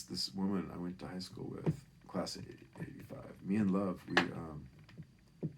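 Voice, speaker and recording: A man's voice: sits low, noisy background. A man in his fifties from Northern California, telling a personal story in a rambling, profane way and often tagging lines with "right?". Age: 50s. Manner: animated, profane, keeps asking "right?".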